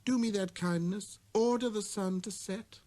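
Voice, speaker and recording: A man voicing a small, timid boy from another planet who speaks softly and earnestly, with shy politeness. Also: sits high, unhurried, voice pushed up.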